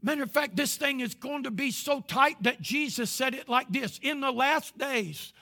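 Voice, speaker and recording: An older man preaching a sermon as pastor to a live congregation, his passion swelling into shouts. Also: very high voice, normal speed. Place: church service before a live congregation.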